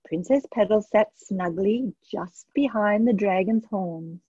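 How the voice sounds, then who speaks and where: A woman's voice: medium pitch, slow pace, mellow, breathy edge, no room sound. Woman reading a children's story aloud. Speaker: storybook reader. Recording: dull lo-fi dry sound.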